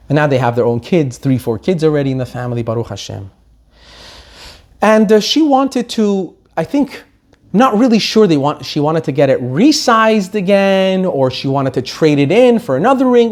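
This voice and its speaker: Animated male rabbi telling a story. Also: high voice, moderate pace. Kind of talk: sermon storytelling.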